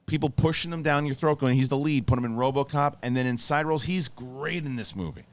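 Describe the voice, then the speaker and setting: A man hosting a movie review show, giving an excited, rambling spoiler review with lots of swearing and restarted sentences. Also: mid-range voice, quick pace.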